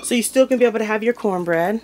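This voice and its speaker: A woman's voice: fairly high pitch, fast talker, noisy background. A woman hosting a home cooking video, talking casually and informally while she opens jars and plates food in her kitchen. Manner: chatty and informal, talks while handling food.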